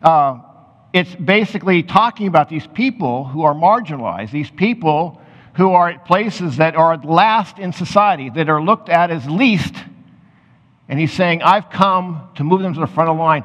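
A man's voice: fairly high pitch, lively intonation, normal speed, a bit bright. Man preaching in an echoing hall. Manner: reads scripture aloud, then explains in loose, conversational asides. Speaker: pastor. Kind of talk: sermon. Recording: muffled sound with long hall reverb.

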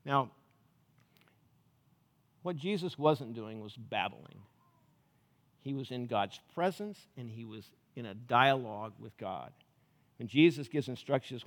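A man's voice: medium pitch, lively intonation, slow pace, pauses often, big-room sound. A man preaching a sermon in a conversational way, often asking the congregation questions. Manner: conversational, asks the crowd questions. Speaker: pastor.

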